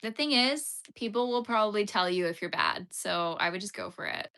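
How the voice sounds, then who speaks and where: A woman's voice: mid-range voice, lively intonation, normal speed, vocal fry, sharp tone. A young woman hosting a casual crochet livestream, chatting with viewers, giggly and full of "like" fillers. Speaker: livestream host.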